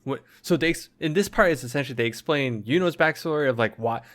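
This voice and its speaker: A man's voice: mid-range voice, fast, fairly bright tone. A man co-hosting a casual podcast, talking in a loose, rambling way full of fillers. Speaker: podcast co-host. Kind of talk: casual chat.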